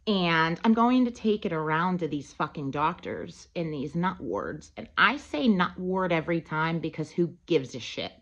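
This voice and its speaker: A woman's voice: deep voice, sing-song, moderate pace, few pauses, fairly bright tone, lo-fi sound. A woman vlogger telling a long, profane, rambling story in casual chat, recorded on a phone. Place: Pennsylvania.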